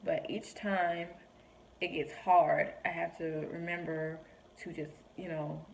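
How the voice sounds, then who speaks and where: A woman's voice: low-pitched, little pitch movement, slow pace, vocal fry, a little hiss or hum, rough recording. A young woman talking earnestly to camera about her faith, encouraging listeners and acting out quoted voices. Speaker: vlogger sharing faith reflections. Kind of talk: heartfelt personal talk to camera.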